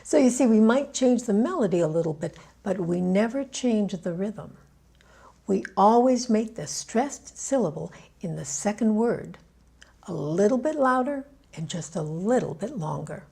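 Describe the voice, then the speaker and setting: A woman with a Canadian accent giving a scripted pronunciation lesson, patient and clearly enunciated. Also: medium pitch, warm tone. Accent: Canadian English. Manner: patient, clearly enunciated teaching with drilled examples. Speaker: pronunciation coach.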